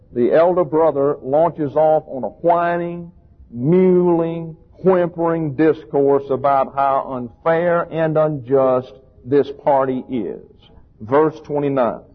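Male pastor, emphatic scornful sermon, husky voice, phone-quality recording. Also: medium pitch. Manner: emphatic, scornful preaching with rhetorical questions.

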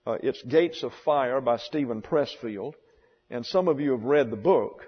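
A man teaching a Bible class, deliberately spelling out and pronouncing terms for his students. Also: mid-range voice, breathy edge. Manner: deliberate, spells out words slowly. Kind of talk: classroom lecture. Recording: dull lo-fi sound in a reverberant hall.

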